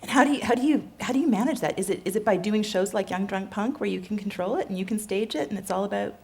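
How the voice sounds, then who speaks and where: Female host for a live interview, earnest and thoughtful, medium pitch. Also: fast talker, creaky, a little mellow. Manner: earnest, thoughtful questions with restarts.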